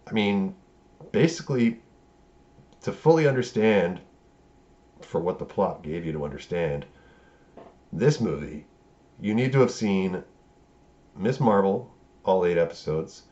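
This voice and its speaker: A man's voice: deep voice, very animated, a little slow, long pauses, warm tone, highs cut off. A man giving a rambling, profane, casual film review, acting out the characters' lines as he goes.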